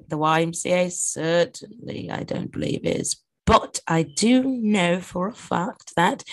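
A woman's voice: mid-range voice, slightly rough. A woman hosting a podcast in casual, rambling chat, full of fillers and asides. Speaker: podcast host.

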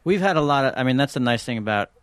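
Male co-host, mid pitch, dry close sound, crude laid-back banter. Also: racing, dry recording. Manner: crude jokes, relaxed banter. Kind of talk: casual comedy chat.

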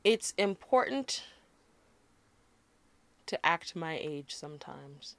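A woman's voice: sits low, expressive, takes it slowly, creaky, fairly bright tone, no echo. A woman in her twenties co-hosting a podcast, talking candidly in a casual chat, turning sassy and fiery. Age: 20s. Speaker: podcast co-host.

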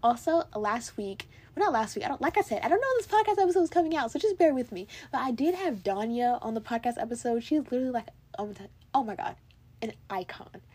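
Young American woman, bubbly solo podcast host, slightly high and husky, mellow tone. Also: lively intonation, fast. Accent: General American. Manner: bubbly, gushing, lots of "like" and "literally". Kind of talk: casual solo podcast chat.

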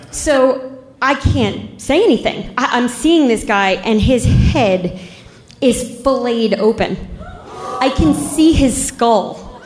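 A woman's voice: a little high, animated. Wry woman telling a story, echoey room. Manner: unhurried, wry, laughs at the grim parts. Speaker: police officer telling a story. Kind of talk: casual spoken storytelling. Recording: roomy echo.

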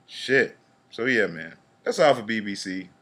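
A man co-hosting a casual podcast, loose and profane, reading lyrics and tweets aloud in a flat drawl. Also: fairly low pitch, unhurried. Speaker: podcast co-host.

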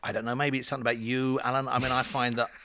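A man's voice: medium pitch, flat delivery, very fast, pushed and bright, slight background noise. A man, chatting playfully and explaining things at length in a casual talk. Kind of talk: casual chat.

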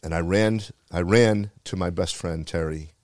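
In an unhurried, low-pitched voice that's a little mellow, a retired firefighter from the Bronx earnestly relates a heartfelt story from his own life, returning to the same phrases. No echo is present.

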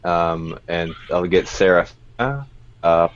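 A man's voice: deep voice, drawn-out words, dull audio. A man playing a tabletop game, talking hesitantly with many fillers. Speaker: player.

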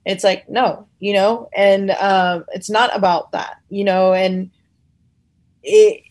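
A woman's voice: mid-range voice, fairly even intonation, slow, a little mellow. A woman talking casually about her faith, rambling with many fillers and acting out conversations she has had. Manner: acts out quoted conversations.

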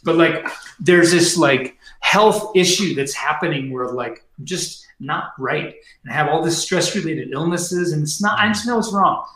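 A man's voice: fairly high pitch, normal speed, pushed and bright. A middle-aged man, a podcast guest, telling a story casually in slangy talk full of fillers. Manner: slangy, heavy on fillers and "dude". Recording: very echoey room.

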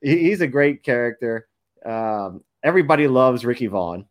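A man's voice: mid-range voice, expressive, normal speed. A man co-hosting a podcast, rambling and laughing as he recalls favorite movie scenes. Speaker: podcast co-host. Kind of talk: casual chat.

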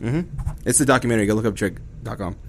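A man's voice: on the low side, fast, slight background noise. A young man co-hosting a stream in casual banter, playful and giggly. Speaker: stream co-host.

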